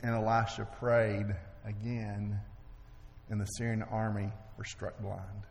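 A man preaching a sermon, retelling a scripture story with animated delivery, acting out the characters' lines and moving between hushed and loud. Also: lowish voice, takes it slowly, vocal fry, slight background noise. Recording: long hall reverb.

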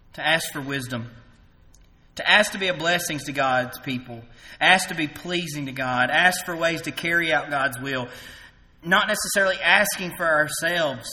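A man preaching an evening sermon, rising loud for emphasis and dropping soft to voice quoted words. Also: medium pitch, long reverb tail.

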